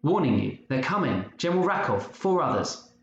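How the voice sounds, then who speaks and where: A raised, boyish voice, as a male narrator puts it on, a loyal young friend rushing out his words in urgent, breathless bursts. The sound is muffled and roomy, with a faint hiss underneath. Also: fairly high pitch, big pitch swings, pitched above the performer's own voice. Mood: distraught. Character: young boy, frightened but loyal friend.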